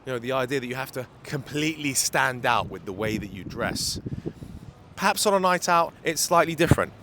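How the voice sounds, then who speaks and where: A man's voice: mid-range voice, lively intonation, fairly quick, noisy background. A man giving dating advice as a coach in a walking vlog, filmed on a handheld phone outdoors, emphatic and repeating his key points. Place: city street outdoors.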